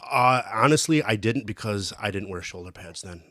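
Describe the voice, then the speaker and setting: A man's voice: on the low side, animated, moderate pace, fairly bright tone, dry recording, studio quality. A man co-hosting a podcast, recounting stories in chatty casual talk. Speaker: podcast co-host, amateur hockey player. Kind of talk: casual chat.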